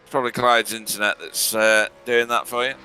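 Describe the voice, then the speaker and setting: A man's voice: mid-range voice, flat delivery, a little fast, pushed and bright, a little hiss or hum. A man commentating a sim racing broadcast in a chatty, laughing way, sometimes fumbling for names. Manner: chatty, laughs often, stumbles over names. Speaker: race commentator.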